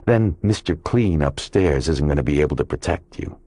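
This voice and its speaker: A man's voice: rumbling low, expressive, normal speed, warm tone, dry recording. A male audiobook narrator voicing a bullying male police detective who taunts and mocks in a sneering way. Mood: taunting. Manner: sneering and mocking.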